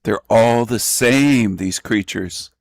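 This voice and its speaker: A man hosting an online radio show, boastful and taunting in a drawn-out way. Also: lowish voice, vocal fry, no room sound. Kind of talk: casual online radio talk.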